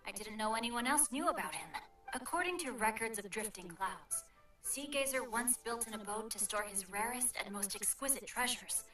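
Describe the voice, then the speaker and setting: A woman's voice: fairly high pitch, animated, normal speed, pushed and bright, recorded from a distance, faint music behind. A woman voicing a refined young male merchant heir in a game, speaking politely and formally. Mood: courteous. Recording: echoey game audio under streamer mic.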